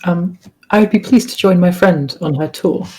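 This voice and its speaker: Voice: mid-range voice, moderate pace, darkish tone, breathy edge, rough recording. Formal, haughty tabletop player. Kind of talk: in-character role-play.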